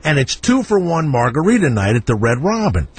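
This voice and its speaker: A middle-aged man spinning a crude, funny story on talk radio, his voice a bit higher than most and swooping widely as he acts out each person. The tone carries a husky edge. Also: a little fast, no echo. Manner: profane, animated storyteller acting out voices. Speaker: radio show host.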